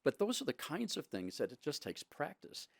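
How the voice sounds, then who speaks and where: A man co-hosting a casual podcast conversation, speaking in a measured, reflective way with many restarts. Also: fairly high pitch, huge pitch swings, no echo, clean studio sound. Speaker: podcast co-host.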